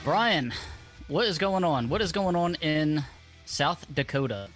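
A man's voice: on the high side, expressive, a little slow, fairly bright tone, soft background music. A man co-hosting a racing talk show, upbeat and teasing, laughing often in casual chat.

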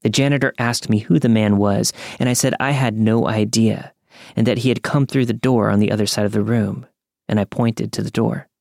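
Gravelly low-voiced male story narrator. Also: no echo, clean studio sound. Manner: calm, measured storytelling. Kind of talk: scripted narration of a true scary story.

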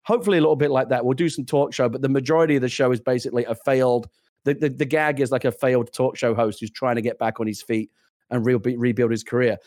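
A middle-aged British man tells a story in casual chat, rattling along at a brisk clip. He laughs often and restarts his sentences as the ideas tumble out. His voice sounds close and dry, with no room around it. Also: medium pitch, fairly even intonation, darkish tone, dry recording. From Britain. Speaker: podcast co-host.

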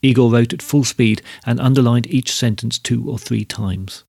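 A man reads a story aloud at a steady, measured pace. His voice is gravelly and a little husky. The recording is dry and close. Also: medium pitch, no echo. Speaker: narrator. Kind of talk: storybook reading.

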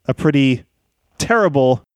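A man hosting a podcast in a lively, chatty monologue, joking and laughing as he talks. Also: medium pitch, measured pace, no echo. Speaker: podcast host.

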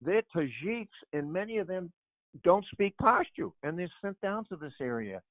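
An older man and author, a guest telling animated stories and chuckling, often repeating his words. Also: high voice, normal speed, dry recording. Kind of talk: conversational storytelling on a radio show. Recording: tinny phone line.

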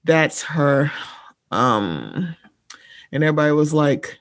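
Studio quality with no room sound, the recording features a medium-pitched voice at moderate pace. A pop-culture podcast co-host talks casually, bluntly and sarcastically, swearing a lot and addressing listeners as "y'all" in asides.

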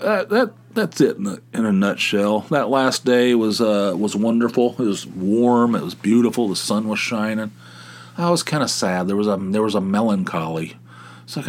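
A middle-aged man hosting a podcast, rambling through a casual comic monologue with lots of restarts and exasperated asides. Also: on the low side. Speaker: podcast host.

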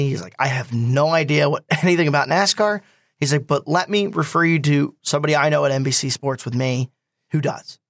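A young man telling a personal story in casual talk, animated and quick to quote others. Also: fairly high pitch, creaky, no echo, clean studio sound.

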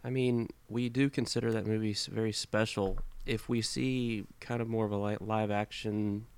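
A man in a casual podcast chat, thoughtful and measured in how he talks. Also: fairly low pitch, steady tone, smooth.

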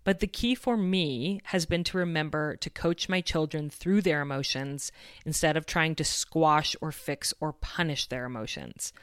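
A woman's voice: sits low, normal speed, no room sound, clean studio sound. A woman in her thirties hosting a parenting podcast, telling a personal story in an earnest, reflective way. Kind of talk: scripted podcast monologue.

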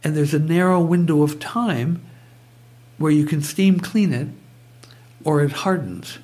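Husky, digressive male storyteller. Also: on the high side, a little slow, darkish tone. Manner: digressive, goes off on tangents. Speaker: guest, brainwave trainer. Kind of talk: conversational storytelling.

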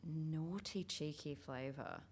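Woman, Australian accent, husky, low-pitched, animated conversational tone. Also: takes it slowly. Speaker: actor, writer. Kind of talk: casual chat.

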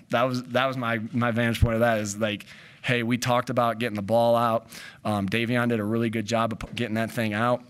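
A man's voice: fairly low pitch, smooth. A man, a head coach, answering questions at a postgame press conference, rambling with frequent restarts and fillers.

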